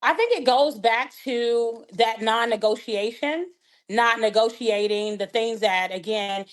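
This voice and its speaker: A woman's somewhat high voice, delivered at an unhurried pace. She's a podcast guest and life coach recounting faith-centered stories conversationally, animatedly acting out what the people in them said.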